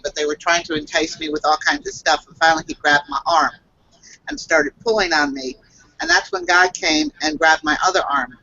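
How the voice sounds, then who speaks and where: A woman who works as a psychic reader tells a personal story on a video call, halting and earnest, with many fillers and restarts. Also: low-pitched, expressive, bright, forceful tone, no echo, dull audio.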